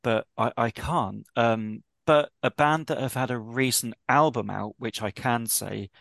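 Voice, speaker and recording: A man's voice: medium pitch, a little slow, creaky, a bit bright, no echo. A British man co-hosting a podcast, joking and bantering in casual chat. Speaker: podcast co-host.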